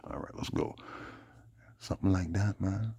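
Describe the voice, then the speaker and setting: A man's voice: deep voice, moderate pace, vocal fry, warm tone, husky, no room sound. A man talking to his phone camera at home in a rambling, streetwise monologue, emphatic and peppering his talk with "man". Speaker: vlogger.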